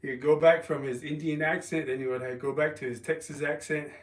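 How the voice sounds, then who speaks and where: A man with a fairly high, steady voice chats casually on a livestream while lifting weights at home, resting an injured calf. He rambles and halts, with ums and restarts, and the recording sounds roomy and distant.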